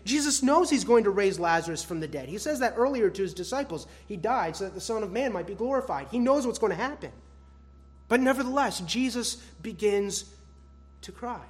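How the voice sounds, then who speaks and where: Husky-voiced preacher man, high-pitched. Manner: swings between loud emphatic stress and hushed soft phrases; addresses listeners as beloved. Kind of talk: expository sermon.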